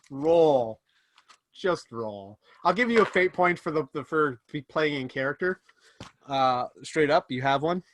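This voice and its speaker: A man running a tabletop game as game master, narrating scenes with quick restarts and fillers. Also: on the high side, lively intonation, a bit bright.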